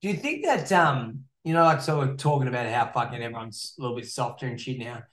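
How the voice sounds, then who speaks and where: A man's voice: medium pitch, quick pace, fairly bright tone. A man co-hosting a casual podcast, agreeing often and swearing freely. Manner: agreeable, swears a lot, many "yeah" backchannels. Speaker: podcast co-host, fight gym coach. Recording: roomy echo.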